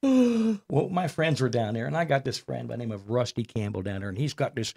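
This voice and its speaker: A man's voice: mid-range voice, lively intonation, a little fast, gravelly, darkish tone, slightly rough. A man telling rambling comic stories in a casual chat, sometimes mimicking other people's voices. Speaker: comedian guest.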